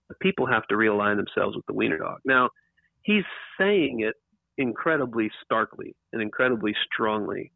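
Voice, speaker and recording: A man with a lowish, expressive voice and noticeable vocal fry discusses his book at a normal pace in a casual interview. He rambles, with restarts and emphatic repeats. Recorded through a computer mic, the audio sounds tinny, phone-like and dry, with no echo.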